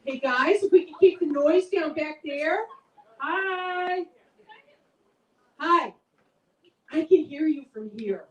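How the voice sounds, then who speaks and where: A middle-aged woman performs a chatty, self-mocking stand-up set for a live audience in an event room. Her intonation is lively, with big pitch swings, a slow pace, and frequent pauses. The mic is distant, leaving her voice off-mic in an echoey room.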